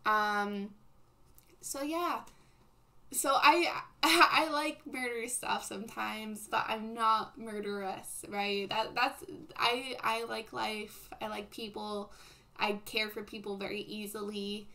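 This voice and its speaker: A woman's voice: mid-range voice, steady tone, slow pace, pushed and bright. A young woman streaming live, chatting casually with her viewers, rambling and laughing often, with lots of "like" and "um.". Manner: filler-heavy, says "like" and "um" a lot. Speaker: livestreamer. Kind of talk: casual livestream chat.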